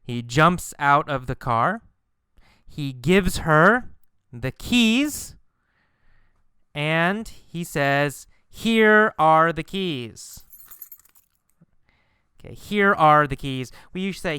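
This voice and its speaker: Male ESL teacher, slow deliberate delivery, bright clear tone, repeats key phrases. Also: a little high, lively intonation, dry recording, studio quality. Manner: repeats phrases and lifts his voice when quoting characters. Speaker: English teacher. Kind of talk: slow explanatory ESL lesson.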